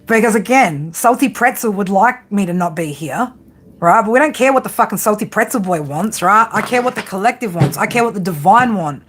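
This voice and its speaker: A woman's voice: mid-range voice, animated, fairly quick, slight background noise. A woman reading tarot for her viewers, ranting in an exasperated way, swearing constantly, laughing often and asking "right?" again and again. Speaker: psychic tarot reader.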